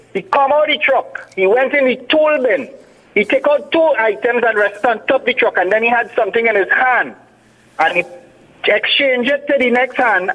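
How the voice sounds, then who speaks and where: Trinidadian man recounting a confrontation, lo-fi sound. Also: extremely high pitch. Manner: telling a story with repeated quotes. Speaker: caller telling his story.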